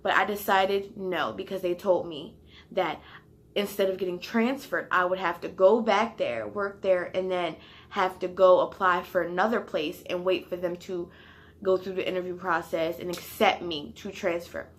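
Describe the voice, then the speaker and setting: A young woman casually telling a storytime, animated and heated, with slang and swearing, sometimes sinking to a near whisper. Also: lowish voice, moderate pace. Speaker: vlogger.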